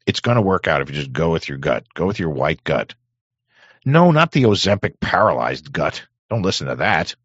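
A man hosting a talk show, rambling in crude, sarcastic casual commentary with a hoarse voice. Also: deep voice, very animated, normal speed, fairly bright tone, no echo, lo-fi sound. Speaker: podcast host.

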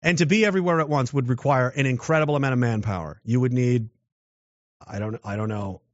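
A man's voice: mid-range voice, quick pace, dry recording. A man giving a political commentary monologue, rambling with restarts and rhetorical questions. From Canada. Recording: dull, dry lo-fi sound.

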